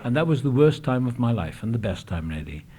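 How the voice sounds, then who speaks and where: A man's voice: medium pitch, big pitch swings, fairly quick, a crowd in the background. A man telling his recovery story at a meeting, candid and reflective, with frequent hesitations. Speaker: AA speaker. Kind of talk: personal recovery talk. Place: meeting room.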